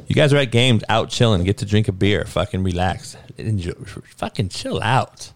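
A podcast host ranting about sports and the news, swearing heavily and swinging from low muttering to loud outbursts. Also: male voice, animated, normal speed, hardly any pauses, no echo. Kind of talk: profane sports and news rant.

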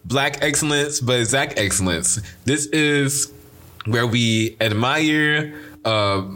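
A man's voice: mid-range voice, fairly bright tone. A young man hosts his own podcast, rambling through a casual solo monologue. His mid-range voice carries a playful, preachy, jokey energy, like a motivational rant that never takes itself too seriously. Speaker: podcast host.

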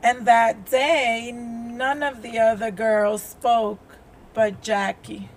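Woman on a podcast telling her story, slow and earnest, a bit of background hum. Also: a little high, flat delivery. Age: adult with a child. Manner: earnest, open, speaks with heartfelt emotion. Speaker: guest. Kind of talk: personal storytelling in a podcast interview.

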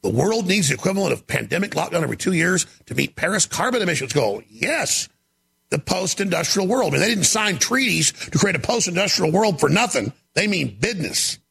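A man hosting a talk show, delivering an emphatic, ranting monologue with a gravelly voice. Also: high-pitched, very animated, brisk. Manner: gravelly, shouting, emphatic rants.

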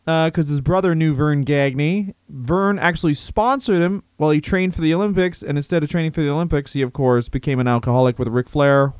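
A man co-hosting a comedy podcast, trading wry, deadpan asides in casual chat. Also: on the high side, clean tone, no echo, clean studio sound.

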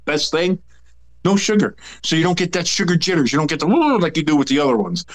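A man co-hosting a sports podcast, talking in an animated, rambling, jokey way. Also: a little high, quick pace. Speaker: podcast co-host. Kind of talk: casual sports chat.

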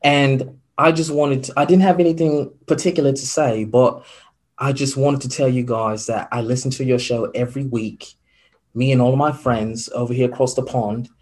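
A man's voice: mid-range voice, fairly even intonation, moderate pace, darkish tone, lightly acted. A man putting on a gushing British caller. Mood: grateful. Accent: British, put on. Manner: polite, earnest and gushing. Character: cheerful male British radio caller.

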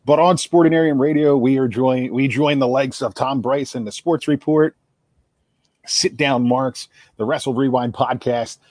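This podcast co-host, a man with a South Jersey accent, rambles chattily on a sports radio show and repeats words as he thinks. His mid-range voice is darkish, with fairly even intonation and a moderate pace. There's no echo.

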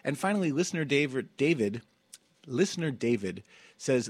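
A campy, playful man hosting a comedy podcast, his voice slightly husky and very lively in pitch, swinging up and down as he jokes. He laughs often, and the studio sound is dry and close to the mic. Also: moderate pace, no echo. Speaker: podcast host. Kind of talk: casual comedic chat.

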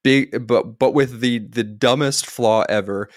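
A man's voice: medium pitch, measured pace, no echo, studio quality. A man co-hosting a casual movie review podcast, rambling and laughing between his points. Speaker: podcast co-host.

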